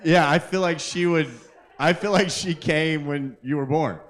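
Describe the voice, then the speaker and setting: A man's voice: fairly high pitch, unhurried, fairly bright tone. Rambling man doing crude stand-up. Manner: rambling, self-interrupting, crude jokes to the crowd. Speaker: comedian and open mic host. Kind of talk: live stand-up comedy. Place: live open mic at a kava bar.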